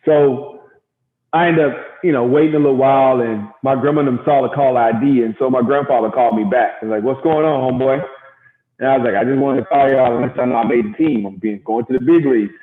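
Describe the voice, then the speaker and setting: A middle-aged man from Gary, Indiana, a former baseball pitcher, telling stories in a casual interview and acting out quotes. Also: fast talker. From Gary, Indiana, USA. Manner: animated storyteller acting out quotes. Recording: echoey, tinny phone-like sound.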